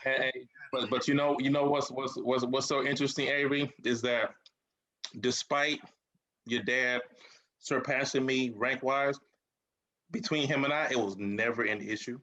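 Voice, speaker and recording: A man as a guest in a casual conversation, talking haltingly with repeated words and emphatic affirmations. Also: mid-range voice, little pitch movement, pushed and bright. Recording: slightly dull lo-fi sound.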